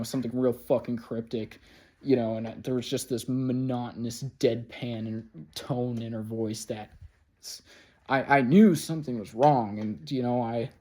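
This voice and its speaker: A man's voice: medium pitch, mellow. A man telling a personal story in a casual, rambling monologue, swearing often and filling gaps with "like" and "you know". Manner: rambling, profane, heavy on fillers. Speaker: vlogger.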